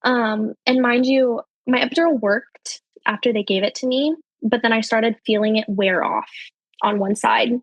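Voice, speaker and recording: A young adult woman, a podcast guest telling her personal story in a chatty way, full of fillers, her voice jumping higher when she quotes people. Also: fairly even intonation, normal speed, dry recording. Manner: chatty, heavy with fillers like um and you know.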